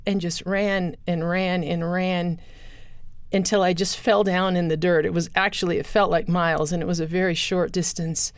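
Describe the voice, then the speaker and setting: In a studio interview, a middle-aged guest gives personal testimony about her life with earnest storytelling, voicing the people she quotes. She speaks with a fairly low pitch and a clean tone.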